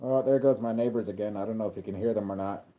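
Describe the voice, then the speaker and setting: A man's voice: fairly low pitch, fast talker. Chatty man on tinny lo-fi audio. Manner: rambling and chatty, with sudden excited calls of the action. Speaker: livestreamer reacting to a wrestling event. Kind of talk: casual live reaction commentary.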